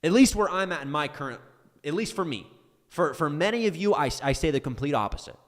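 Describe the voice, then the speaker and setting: Fiery profane male trading mentor, lively pitch. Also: brisk, long reverb tail. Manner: intense and profane, swearing often, stumbling over restarts. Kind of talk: heated live-stream rant answering viewer questions.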